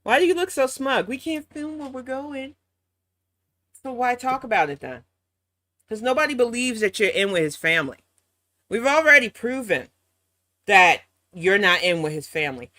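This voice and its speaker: A woman's voice: mid-range voice, big pitch swings, moderate pace, pushed and bright, no echo. An American woman in her thirties reacts to clips with blunt, profane sarcasm. Her voice sits in a middle register and is recorded close and dry, with no room sound around it. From United States. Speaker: commentary channel host. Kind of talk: reaction commentary.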